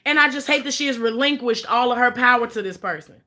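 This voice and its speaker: A woman's voice: a little high, quick pace, sharp tone. A woman giving blunt, profane, emphatic commentary in an opinion vlog.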